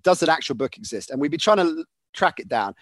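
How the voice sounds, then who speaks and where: A man's voice: on the high side, sing-song, fast talker, dry recording. A man hosting a casual podcast, chatty and often laughing. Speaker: podcast host.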